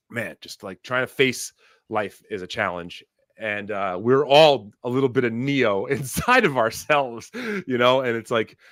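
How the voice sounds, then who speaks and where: Medium in pitch and fairly bright, the man's voice is heard with no echo at studio quality. He hosts a casual chat in a rambling, emotional, profane style, using lots of fillers and restarts.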